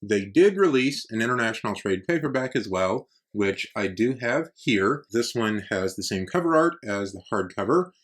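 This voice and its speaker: Male vlog host, lowish voice, chatty and upbeat, casual show-and-tell delivery. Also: expressive, normal speed, hardly any pauses. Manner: enthusiastic, conversational, uses "y'all". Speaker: book collector channel host.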